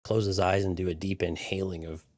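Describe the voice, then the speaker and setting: A very low-voiced man co-hosts a relaxed live podcast, mixing wry jokes into his loose, restart-filled talk. The sound is close and dry, with no room around it. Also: fairly quick, dry recording. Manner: wry joking asides, stumbling restarts. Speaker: podcast co-host. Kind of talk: casual live TV-show breakdown chat.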